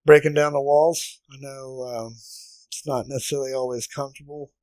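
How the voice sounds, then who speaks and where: A man's voice: mid-range voice, fairly even intonation, moderate pace, darkish tone, no room sound, rough recording. Affirming male podcast host. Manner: affirming, brief acknowledgments. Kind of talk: casual chat.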